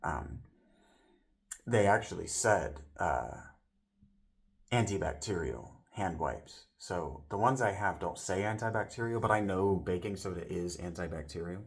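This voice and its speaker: A man's voice: low voice, expressive, a little slow. A man vlogging a casual personal story, rambling, with frequent restarts and self-corrections, and voicing other people's lines as he retells it.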